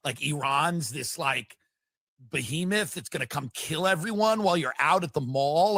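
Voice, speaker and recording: A comedian delivering a mocking comedic monologue and acting out little scenes. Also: male voice, fairly high pitch, a bit bright, no echo.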